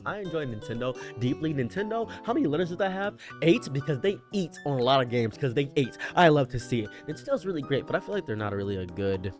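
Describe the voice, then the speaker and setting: Fast-talking man rambling nonstop. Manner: rapid-fire, repetitive, swings between high excitement and low murmurs. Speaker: streamer. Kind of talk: rambling stream-of-consciousness monologue.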